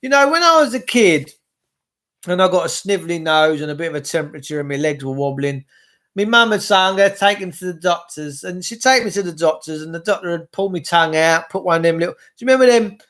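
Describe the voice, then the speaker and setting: A man's voice: a little high, lively intonation, fast talker, a bit bright. A man, hosting a rambling livestream monologue, ranting and answering viewer comments aloud. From England. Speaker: livestream host. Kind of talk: rambling live-stream monologue.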